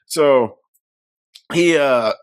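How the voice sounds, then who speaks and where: A man's voice: mid-range voice, drawn-out words, clear, resonant tone. A man co-hosting a podcast, casually reviewing a movie and acting out the characters' lines as he retells the story, swearing freely. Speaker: podcast co-host.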